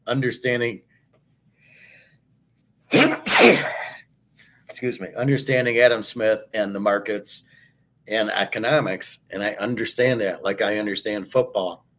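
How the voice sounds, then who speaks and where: A man's voice: lowish voice, a bit bright. A middle-aged man hosting a show, ranting in blunt, profane, scornful commentary. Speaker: host.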